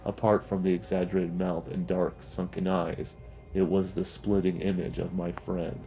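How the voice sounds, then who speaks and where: A man narrating a horror story in a grim, steady storytelling manner. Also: deep voice, moderate pace, gravelly, slight background noise, poor audio.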